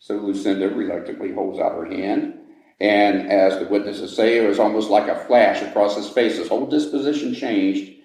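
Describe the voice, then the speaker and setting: Low-voiced man telling a ghost story. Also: steady tone, moderate pace, darkish tone. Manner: dramatic pacing, lingering on grisly details. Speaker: ghost story teller and guide. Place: old jail building, indoors. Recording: echoey room.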